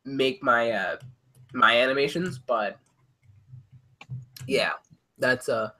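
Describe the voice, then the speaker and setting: A man's voice: medium pitch, slow, sharp tone. A man hosting a casual podcast chat, rambling with many fillers and hesitations. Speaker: podcast host.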